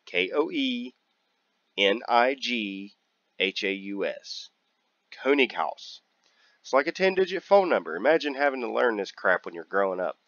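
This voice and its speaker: A man's voice: fairly low pitch, fairly bright tone, highs cut off. A man hosting a casual gameplay video, joking and rambling, drawing out and repeating words as he talks. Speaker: gaming channel host.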